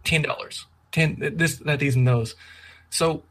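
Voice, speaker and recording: Casual chatter, Canadian man, husky, quick and slurry, remote call. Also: fairly high pitch, fairly even intonation, fairly bright tone. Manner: fast-talking, slurs words, jokey. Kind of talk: casual chat.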